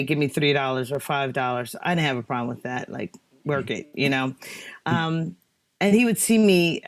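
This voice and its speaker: Guest photographer, woman, deep low voice; halting, emotional storyteller. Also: darkish tone. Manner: halting, emotional, many fillers and restarts. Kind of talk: casual storytelling in a talk Q&A.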